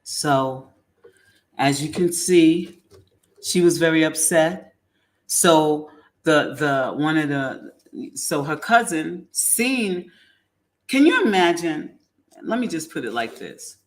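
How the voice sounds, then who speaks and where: A woman hosting a casual commentary show, rambling and halting with many ums. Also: low voice, animated. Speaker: host.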